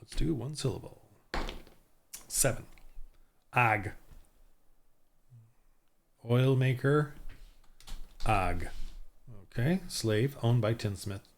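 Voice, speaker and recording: A man's voice: medium pitch, expressive, creaky. A man thinking aloud as he rolls dice and builds town characters for a tabletop game, muttering and restarting often. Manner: muttering to himself, halting, many restarts. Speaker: solo tabletop game designer.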